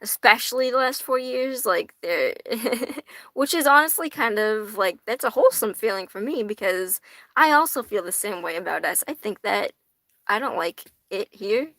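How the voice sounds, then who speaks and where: A woman's voice: mid-range voice, animated, moderate pace, sharp tone, no room sound. Swearing, giggly young woman streamer. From United States. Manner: chatty, swears a lot, laughs often. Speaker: tarot livestream host. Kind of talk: casual livestream chat reading viewer comments.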